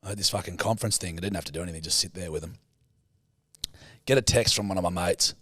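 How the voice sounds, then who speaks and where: Husky man telling a yarn. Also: low voice, quick pace, fairly bright tone, dry recording, studio quality. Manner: loose, sweary, laughs often. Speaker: podcast co-host. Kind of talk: casual chat and storytelling.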